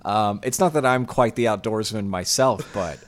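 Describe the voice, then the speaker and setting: A man's voice: lowish voice, normal speed. A man co-hosting a podcast in casual chat, hesitant and stammering, and often laughing. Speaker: podcast co-host.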